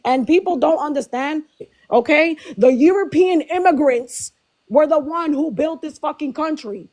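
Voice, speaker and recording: A woman's voice: sits high, a little slow, a little mellow. A woman on a live debate panel, arguing indignantly and repeating her points for emphasis. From Hispanic background.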